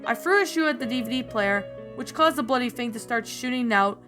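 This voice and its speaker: A woman's voice: fairly high pitch, expressive, brisk, a bit bright, soft background music. A woman narrator reading a fan story aloud, often stumbling and restarting words.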